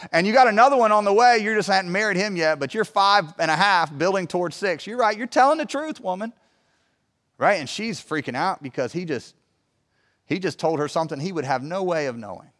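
High-voiced male preacher in a reverberant hall. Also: fairly bright tone. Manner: conversational, emphatic preaching with rhetorical questions. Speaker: pastor. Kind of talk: sermon. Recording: long reverb of a large hall.

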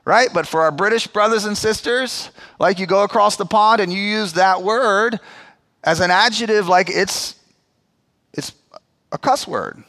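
Male pastor, sermon, high voice, bright tone, conversational, animated. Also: a little slow. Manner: conversational and animated, swings to low quiet emphasis.

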